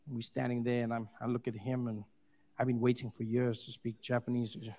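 A man performing stand-up storytelling, self-mocking and animated, often laughing through his lines. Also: mid-range voice, fairly quick. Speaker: stand-up comedian. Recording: noisy stand-up recording.

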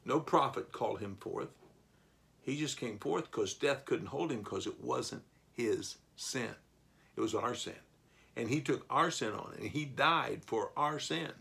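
A man teaching a Bible lesson, reading verses and explaining them, rising to loud bursts for emphasis. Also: medium pitch, animated, a little slow, creaky.

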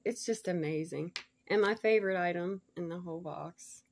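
A woman chatting casually to viewers as she unboxes a gift package, gushing and laughing often, sometimes dropping to soft murmurs. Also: fairly low pitch, moderate pace, slight background noise. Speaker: vlogger showing a gift package.

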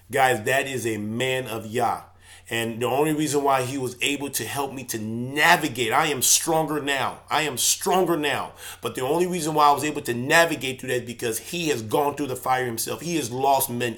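A church elder speaking in an emotional, preaching personal video monologue. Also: male voice, mid-range voice. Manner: impassioned, preaching tone, swings from loud to subdued.

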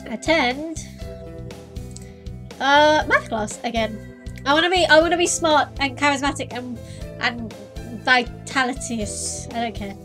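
Woman, let's play host; high voice, giddy, sarcastic, bursts of loud excitement. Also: measured pace. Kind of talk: casual gameplay commentary. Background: faint game music.

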